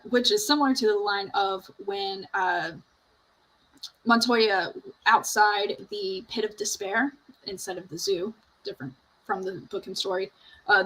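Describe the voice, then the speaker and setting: Husky-voiced woman host, chatty. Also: medium pitch, pushed and bright, low-quality recording. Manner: retelling movie scenes with lots of fillers; chatty, laughs easily. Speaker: podcast host. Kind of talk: casual chat.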